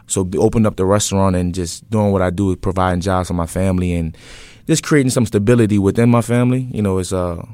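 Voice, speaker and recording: A man in his twenties telling his story in an interview, earnest and relaxed, with many fillers and restarts. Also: low-pitched, fast, no room sound. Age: 20s. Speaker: interview guest, entrepreneur.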